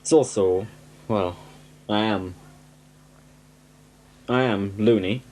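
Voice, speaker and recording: Chatty northern English man, mellow voice. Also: lowish voice, takes it slowly. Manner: chatty and self-mocking, cheerful rambling asides. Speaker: home video host. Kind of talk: casual rambling home video chat. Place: at home, indoors. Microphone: camcorder microphone on a tripod. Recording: 1990s camcorder home video.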